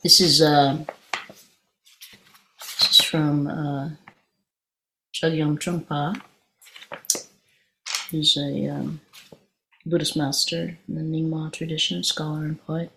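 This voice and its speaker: Gravelly low woman telling a story. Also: flat delivery, sharp tone, slight background noise. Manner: halting and conversational, many restarts, laughs while telling. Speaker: meditation teacher. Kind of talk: informal dharma talk with storytelling.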